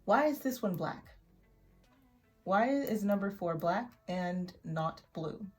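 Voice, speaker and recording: A woman teaching an English vocabulary lesson in a chatty way, repeating words slowly for learners to echo. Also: mid-range voice, animated, a little mellow, faint music behind. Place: in Oklahoma.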